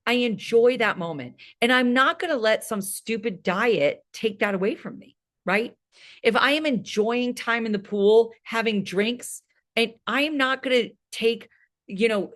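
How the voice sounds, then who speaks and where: Emphatic woman in her late fifties coaching. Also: a little high. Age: 50s. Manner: energetic, emphatic, frequent "right?" tags. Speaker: fitness coach. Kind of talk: motivational talk to a class.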